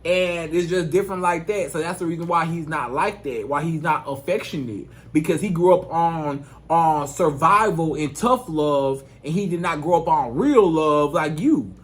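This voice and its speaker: A man's voice: a little high, normal speed, hardly any pauses. A man giving relationship advice in a casual, emphatic monologue, repeating his points in colloquial speech. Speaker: relationship coach.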